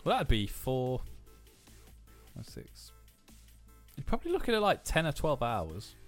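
A man's voice: medium pitch, wildly swooping pitch, measured pace, faint music behind. A man co-hosting a podcast, chatting casually with dry joking asides. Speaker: podcast co-host. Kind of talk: casual chat.

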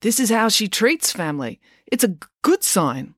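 A woman's voice: medium pitch, big pitch swings, moderate pace, dry recording, clean studio sound, voice pushed up. Woman doing a stammering, anxious boy. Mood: hesitant.

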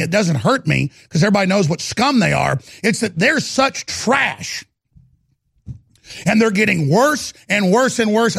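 A man's voice: sits high, creaky, fairly bright tone, husky, dry recording, clean studio sound. A man hosting a talk radio show, ranting angrily about politics in a heated monologue. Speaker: radio host.

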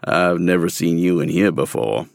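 A man's voice: sits low, normal speed, creaky, dry recording, studio quality. A man voicing a bold, teasing cowboy with a Southern accent in a spoken memoir story. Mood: flirty. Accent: American South.

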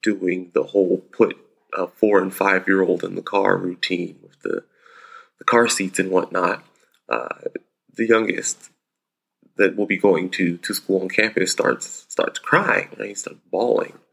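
A man's voice: sits low, fairly even intonation, a little slow, creaky, a bit bright, breathy edge. A man, a father in his thirties, telling a family anecdote casually with a wry, easygoing manner. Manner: wry, easygoing storytelling with frequent restarts.

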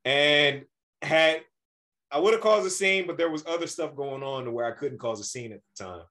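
A man co-hosting a podcast, telling a travel story in a casual, animated way and acting out the people he quotes. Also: fairly high pitch, normal speed. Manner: animated, acts out quoted voices. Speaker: podcast co-host.

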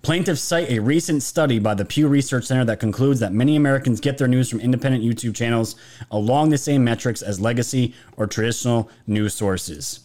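A man's voice: mid-range voice, brisk, a little mellow. A man hosting a live commentary stream, talking casually to his viewers and rambling with frequent restarts. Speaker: political commentary channel host.

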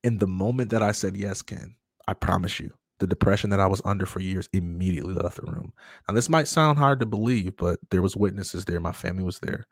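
A man being interviewed, telling his story with animated energy and laughter. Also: deep voice, fairly quick, dry recording, clean studio sound. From Michigan. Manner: animated storyteller, acts out voices, laughs often. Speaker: guest.

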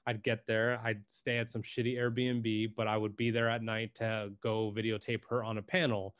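A man's voice: fairly low pitch, normal speed, highs cut off. A man as a podcast guest, telling his story casually, saying "dude" a lot and swearing freely. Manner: laid-back, swears freely, says "dude" often; acts out quotes in lively voices. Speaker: podcast guest, personal branding videographer.

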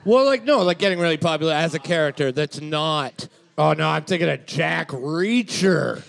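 Gravelly man cracking dry jokes. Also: on the high side, animated, moderate pace, fairly bright tone. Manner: dry crude wisecracks. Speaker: podcast co-host. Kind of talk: casual comedic podcast banter.

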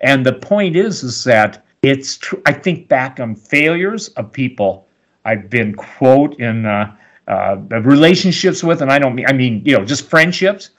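Older man, emphatic preacher-like delivery, rambling asides, lively swooping pitch, mid-pitched. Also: unhurried. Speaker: radio host, guest. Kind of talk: animated interview talk.

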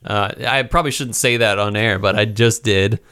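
A man's voice: on the low side, moderate pace, pushed and bright, clear, resonant tone. A man co-hosting a podcast in casual chat, easygoing and hesitant, with many ums. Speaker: podcast co-host.

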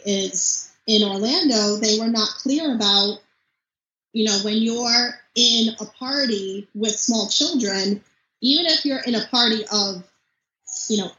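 A young woman, a podcast guest, chatting casually and telling animated stories about family travel. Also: mid-range voice, echoey room, muffled recording, slight background noise. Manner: chatty, animated storytelling with mimicked child voice. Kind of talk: casual interview chat.

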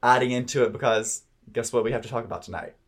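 Man, podcast co-host, casual gushing recap chat, medium pitch. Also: fast. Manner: gushing, chatty, lots of "like".

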